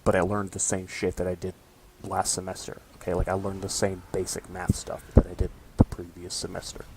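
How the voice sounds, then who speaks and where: Deep-voiced and completely flat in delivery, this young college guy vlogs a casual rant to the camera at a slightly fast pace. He curses frequently and caps his lines with "okay?", and there's background noise behind him.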